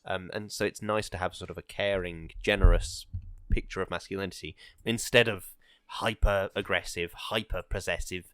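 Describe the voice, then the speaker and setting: Low-voiced man, hesitant casual chat. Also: steady tone, normal speed, sharp tone, no room sound, clean studio sound. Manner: rambling, hesitant, many fillers. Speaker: podcast co-host.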